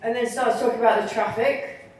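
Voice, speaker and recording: A woman's voice: a little high, fairly even intonation, fairly quick, a little mellow. Bawdy woman doing stand-up, echoey bar. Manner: bawdy, laughing at own jokes, quoting in voices. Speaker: stand-up comedian. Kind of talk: stand-up comedy set. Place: comedy night in a bar. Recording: echoey bar, mic heard from far.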